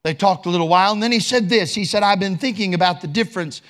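A man's voice: high voice, fast, a bit bright. A man preaching a sermon, quoting scripture in King James wording and rising for emphasis.

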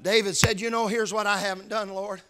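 A man preaching a sermon, swinging between loud shouted emphasis and hushed, low passages. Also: fairly even intonation, fairly quick.

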